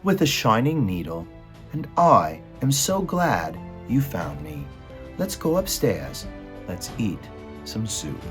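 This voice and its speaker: A man voicing a kind young princess who speaks softly and gently, in a storybook reading. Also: fairly low pitch, wildly swooping pitch, slow pace, over music, full character voice. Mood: tender.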